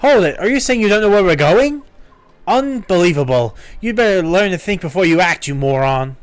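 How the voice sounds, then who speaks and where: A man voicing a cocky, hotheaded young male fighter who taunts and yells brashly. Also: high voice, expressive, moderate pace. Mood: taunting. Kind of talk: voicing game dialogue.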